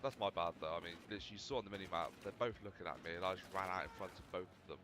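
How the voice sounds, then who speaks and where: Racing through his commentary, a man with a low-sitting voice rambles chattily and mocks himself while playing games for his video channel. Heavy background noise surrounds him, and the mic sounds slightly overdriven.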